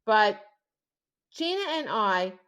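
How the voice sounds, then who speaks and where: Animated woman telling a funny story. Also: medium pitch, takes it slowly, smooth. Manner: animated storyteller, laughs often, acts out quoted voices. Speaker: podcast co-host. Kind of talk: casual chat.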